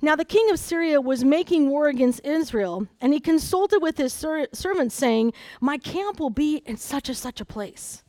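A woman preaching at a conference, reading a Bible story aloud with lively asides and dramatized quotes. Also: high voice, moderate pace, few pauses, no room sound. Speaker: conference speaker. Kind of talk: sermon with scripture reading.

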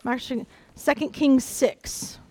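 A woman preaching at a conference, reading a Bible story aloud with lively asides and dramatized quotes. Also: high voice, measured pace. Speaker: conference speaker. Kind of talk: sermon with scripture reading.

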